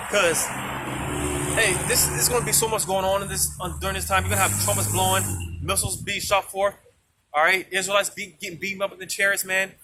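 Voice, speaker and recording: A man preaching on the street, dropping "man" and "you know" between lines and reading scripture aloud in old-fashioned wording. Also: sits high. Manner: reads scripture aloud in King James wording. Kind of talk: outdoor street sermon. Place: outdoors on a street. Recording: street noise and passing vehicles.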